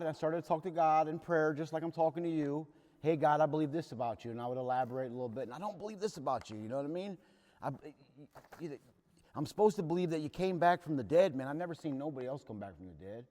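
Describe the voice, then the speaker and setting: A slightly mellow man with a fairly high voice tells a recovery group about his own life, speaking plainly and earnestly at the workshop he leads. Long reverb fills the hall around him.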